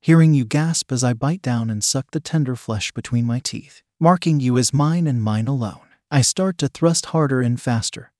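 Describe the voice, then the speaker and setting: A man narrating an intimate second-person audio story, with a stern, dominant, low growling delivery. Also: moderate pace, hardly any pauses, a little mellow, dry recording, clean studio sound.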